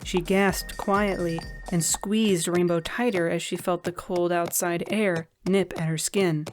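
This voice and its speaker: A woman narrating a fan-fiction story in a gentle, even reading style. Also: lowish voice, a little slow, faint music behind.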